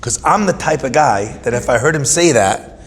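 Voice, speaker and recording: A man giving an animated Torah class, telling stories with humorous asides and dramatic emphasis. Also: mid-range voice, moderate pace, husky, in a large hall. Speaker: Torah teacher.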